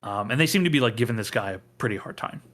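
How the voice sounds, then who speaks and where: A man narrating a tabletop game as game master, halting, with many filler sounds. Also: medium pitch, animated, a bit bright.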